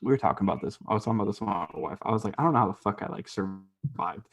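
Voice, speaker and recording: A man's voice: fairly low pitch, rapid-fire, gravelly. A young man co-hosting a casual podcast, telling rambling stories with lots of laughter and swearing. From grew up half Mexican in the US. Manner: laughs often, swears a lot, rambling storyteller. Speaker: podcast co-host.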